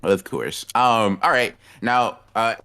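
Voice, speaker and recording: A man's voice: on the low side, takes it slowly, pushed and bright. A young man co-hosting a podcast in a laid-back, rambling way, full of fillers and slang. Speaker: podcast co-host. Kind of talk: casual chat.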